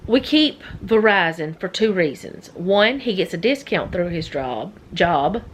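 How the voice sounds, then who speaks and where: A woman's voice: fairly low pitch, animated, a little slow, slight background noise, rough recording. A middle-aged woman chatting casually as a vlogger, rambling and easily sidetracked. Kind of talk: casual chat.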